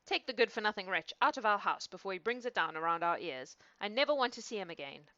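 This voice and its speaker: A woman voicing the sexton's wife, shrill and scolding. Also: animated, fast talker, sharp tone, dry recording, muffled recording. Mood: furious. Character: sexton's wife, worried and furious.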